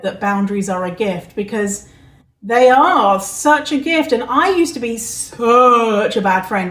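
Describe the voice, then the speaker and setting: A woman hosting a podcast, talking candidly and laughing easily in casual chat. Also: fairly high pitch. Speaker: podcast host. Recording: echoey room.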